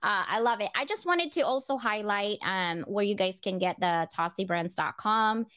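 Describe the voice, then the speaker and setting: A woman podcast host chats casually in a bubbly, animated manner, laughing often. Her mid-range voice moves at a moderate pace, captured in a dry, clean studio recording.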